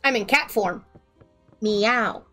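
A woman's voice: high voice, lively intonation, a little fast, fairly bright tone, faint music behind. A woman streaming a game, chatting playfully and giggling with friends. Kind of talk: casual gaming chat.

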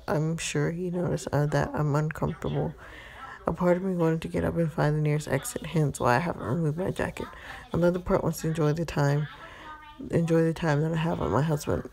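A woman reading an interactive story game aloud in a steady, low-key way. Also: gravelly.

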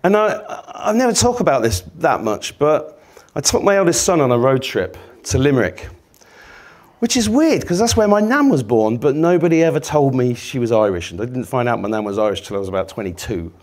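A man's voice: mid-range voice, very animated, brisk, a little mellow. A man, giving a sweary, rambling, self-mocking comic talk to a live audience. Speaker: podcast host giving a talk.

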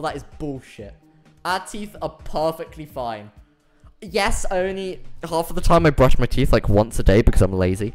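A British man chatting through a live game stream, his pitch bouncing all over as he reacts and laughs between lines. He reads messages from chat aloud in a loose, joking way. Faint music plays underneath him. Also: very animated, normal speed, a little mellow.

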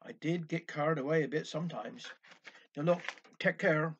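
Brief: man, high voice, folksy dialect storytelling, dull lo-fi recording. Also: normal speed, a little hiss or hum. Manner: chatty folksy narration with old sayings.

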